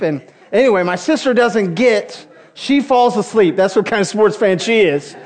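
In a darkish voice that sits high, a man preaches at normal speed to a church congregation. The pastor keeps things conversational, sharing humorous personal anecdotes.

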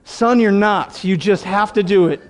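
High-voiced, animated male pastor. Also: normal speed, some chatter behind. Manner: animated, joking, emphatic. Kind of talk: sermon.

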